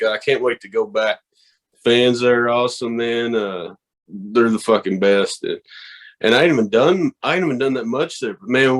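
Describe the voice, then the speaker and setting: A man from the American South telling stories in a casual podcast chat, animated and profane, laughing and acting out the voices of people he met. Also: medium pitch. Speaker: guest, horror host and wrestling promoter.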